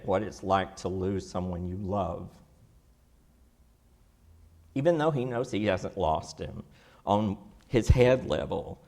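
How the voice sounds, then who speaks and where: A man's voice: low-pitched, a little mellow. Man teaching a church Bible class. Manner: asks the class questions, folksy and casual.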